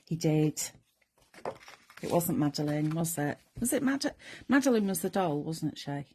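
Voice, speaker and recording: A woman's voice: low-pitched, sing-song, moderate pace, mellow. A middle-aged woman chattily talking through a papercraft demonstration step by step and chatting with viewers. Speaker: craft demonstrator. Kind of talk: chatty live crafting demonstration.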